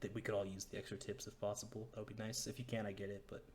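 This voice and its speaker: A man voicing a chummy, tip-hungry male orc cart driver who talks in casual slang, sometimes dropping to a hush. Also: on the low side, expressive, moderate pace, slight background noise. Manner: casual, slangy, hushed and conspiratorial.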